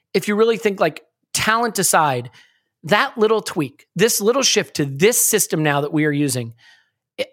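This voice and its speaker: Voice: mid-range voice, fairly bright tone. A podcast co-host talking football with enthusiasm, asking long, winding questions in a playful, chatty way. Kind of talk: casual football chat.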